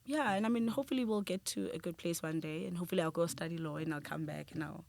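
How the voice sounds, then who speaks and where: A woman's voice: lowish voice, quick pace, creaky, a little mellow. A woman film director talking as a podcast guest, earnest and reflective, with frequent restarts and easy laughter. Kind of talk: conversational podcast interview.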